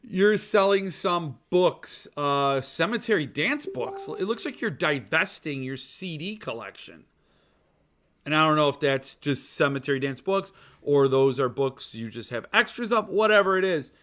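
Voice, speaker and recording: Bright-voiced, rambling male stream host. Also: fairly high pitch, expressive, unhurried. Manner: rambling, reads chat aloud and answers viewers; self-deprecating and jokey. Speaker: podcast host. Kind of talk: casual live-stream chat.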